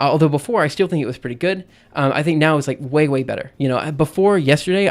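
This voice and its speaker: Guy on a stream thinking out loud, lots of ums and restarts, mid-pitched voice. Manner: hesitant, many fillers and restarts while explaining. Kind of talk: casual thinking-aloud explanation.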